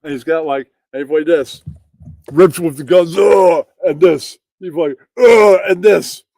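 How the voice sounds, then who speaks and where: Male host, mocking profane rant, higher voice, dry close mic. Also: steady tone, normal speed, warm tone, dry recording. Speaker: stream host reacting to clips. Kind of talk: crude comedic rant.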